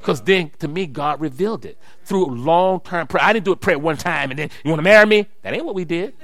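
A middle-aged pastor preaching to his church. His voice is high and sharply bright. He tells stories, then climbs into loud, shouted preaching, and the sound is dry and close. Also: expressive, a little fast, dry recording. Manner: storytelling, rising to shouted preaching. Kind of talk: sermon.

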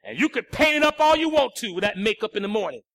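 A male pastor, preaching a sermon that swings between shouted lines and hushed, low passages. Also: very animated, fast, no echo, studio quality.

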